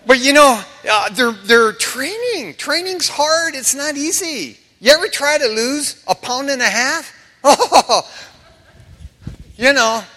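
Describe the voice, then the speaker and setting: A man's voice: extremely high pitch, takes it slowly. A man preaching a sermon in a church, telling stories casually and acting out quotes with humor. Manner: animated, casual storytelling with humor and acted-out quotes. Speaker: pastor. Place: church sanctuary. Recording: preached in a reverberant church hall.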